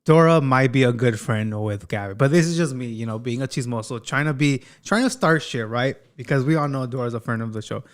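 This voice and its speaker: Male commentary host, mid-pitched, clean resonant voice, casual slangy delivery. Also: brisk, hardly any pauses. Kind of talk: gossip commentary.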